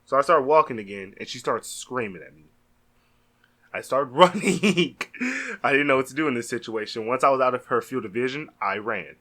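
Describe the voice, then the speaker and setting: A young man telling a storytime vlog, animated and exasperated, talking casually. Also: mid-range voice, quick pace, few pauses. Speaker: vlogger.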